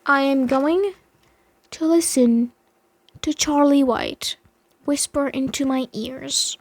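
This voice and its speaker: A woman's voice: sits high, takes it slowly, no room sound. A young woman telling a story in a casual vlog, dramatic and emphatic, swearing heavily. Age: young adult.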